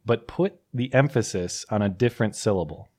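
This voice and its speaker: A man hosting a podcast, chatting casually and joking with animated bursts. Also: fairly low pitch, fairly quick, husky. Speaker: podcast host. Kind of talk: casual chat.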